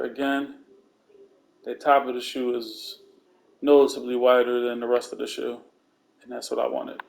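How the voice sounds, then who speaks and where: A man giving a casual, slangy voice-over, calmly walking through steps one by one. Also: mid-range voice, creaky, a little hiss or hum. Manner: relaxed, laid-back step-by-step instructions; slangy, conversational asides. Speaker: video game content creator.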